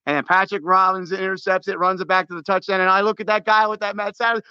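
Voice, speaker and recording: A man telling a sports story in casual chat, excitable and full of restarts, acting out his own shouts. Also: sits high, fast, hardly any pauses, clean tone, no room sound, lo-fi sound. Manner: many restarts and repeated words.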